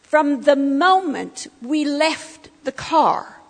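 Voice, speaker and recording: At a church breakfast, a middle-aged woman gives her personal testimony as a guest speaker, telling it vividly and acting out what people said. Her high-pitched voice is animated with drawn-out words, and the meeting hall adds a long reverb.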